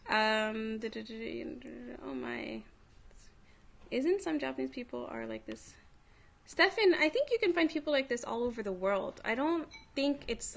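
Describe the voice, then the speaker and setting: A livestream host tells a story in a chatty, casual manner, packing it with "like" and other fillers. Her voice is fairly high, gravelly, and a little bright.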